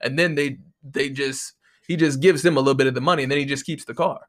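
A man's voice: medium pitch, steady tone, fast talker, a bit bright. A man hosting a podcast, ranting casually in a profane, exasperated way, close to the microphone. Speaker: podcast host.

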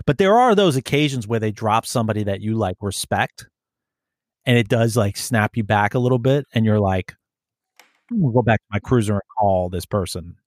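A man's voice: on the low side, no room sound, clean studio sound. A man who works as a police officer, telling profane stories in casual chat and mimicking the people he deals with. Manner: profane storytelling, mimics people in quick put-on voices.

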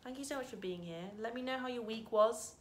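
Woman vlogging to camera, grateful and gentle. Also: a little high, brisk. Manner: warm, grateful, softly reflective with sudden bright bursts. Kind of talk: casual heartfelt vlog to camera.

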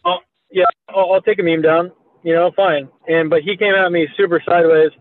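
A man's voice: high voice, fairly even intonation, brisk, dry recording. A man in his thirties telling a story in a rambling, profane way, packed with "like" and "you know". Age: 30s. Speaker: meme creator guest. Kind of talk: casual storytelling in a podcast chat. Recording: tinny phone-like audio.

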